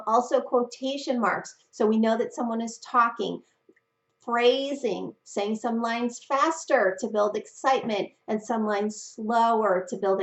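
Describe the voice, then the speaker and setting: A woman hosting a teaching video for parents, talking expressively with deliberate pauses and emphasis. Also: mid-range voice, fairly bright tone. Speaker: reading teacher and channel host. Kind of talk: instructional video talk to parents. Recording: roomy, slightly dull recording.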